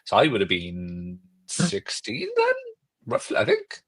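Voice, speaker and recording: Casting: young man, low voice, halting and self-repeating podcast guest. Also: wildly swooping pitch, fairly bright tone, dry recording. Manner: halting, repeats words, laughs often. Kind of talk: casual chat.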